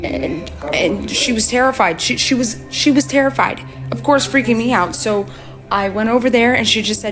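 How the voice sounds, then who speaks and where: A woman's voice: a little high, normal speed, fairly bright tone. A young mother talking in a scared, shaky way while soothing her child at home. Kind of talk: frightened home video talk. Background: background music.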